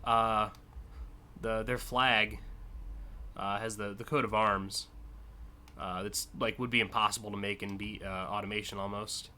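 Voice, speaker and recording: A man's voice: fairly low pitch, flat delivery, normal speed, bright, forceful tone. A man streaming live, casually and enthusiastically judging car designs, with frequent fillers and swearing.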